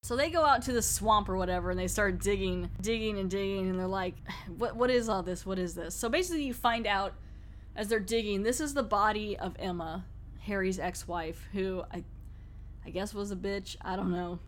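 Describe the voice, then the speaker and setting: A woman's voice: medium pitch, normal speed, a little hiss or hum. A woman talks through a TV episode for her podcast in a loose, rambling way. She laughs often and keeps an easygoing mid-range voice. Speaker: podcast host. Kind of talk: casual episode recap.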